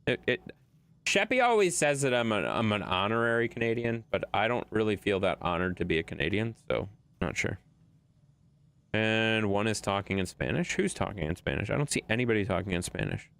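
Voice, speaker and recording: Lively, blunt-talking male game streamer. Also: lowish voice, a little fast, creaky, clean tone. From Wisconsin. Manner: blunt, swears, bickers with chat. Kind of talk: live game stream, chatting with viewers.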